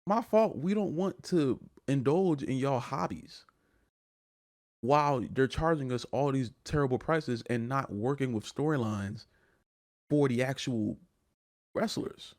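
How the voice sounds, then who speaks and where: A man's voice: medium pitch, a little slow, darkish tone. A man co-hosting a wrestling podcast, ranting in casual chat and often repeating his words. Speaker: podcast co-host.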